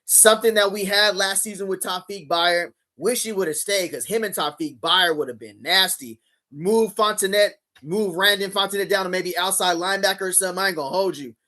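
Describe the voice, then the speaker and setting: High-voiced hyped male streamer. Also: brisk, bright, forceful tone. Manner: slangy, hyped, talks straight to chat. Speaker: livestream host. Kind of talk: casual livestream reaction commentary.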